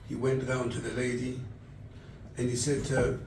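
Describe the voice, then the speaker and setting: Distant rabbi preaching in echoey hall. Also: male voice, mid-range voice, monotone, moderate pace, darkish tone, slight background noise. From England. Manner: storytelling, quotes scripture and acts out dialogue. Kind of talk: sermon at a charity event. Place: event hall. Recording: echoey room, distant mic.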